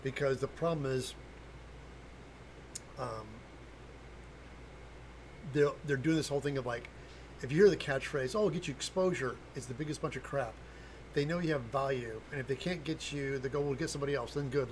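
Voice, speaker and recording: A man's voice: fairly high pitch, a little hiss or hum, low-quality recording. An older man talking casually on a livestream, blunt and rambling, with lots of fillers and restarts. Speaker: livestream host, cosplay prop maker.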